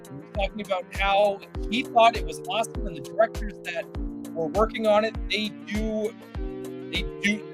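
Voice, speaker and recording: Rambling man apologizing on a live stream. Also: high voice. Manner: rambling, apologetic, fumbling with tech. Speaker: podcast co-host. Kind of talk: casual live-stream chat.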